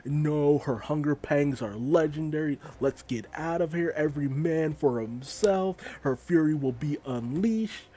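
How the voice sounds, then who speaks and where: A man's voice: a little high, unhurried, few pauses, warm tone, slight background noise, close to an everyday voice. A man voicing panicked henchman soldiers in a frantic, fearful way.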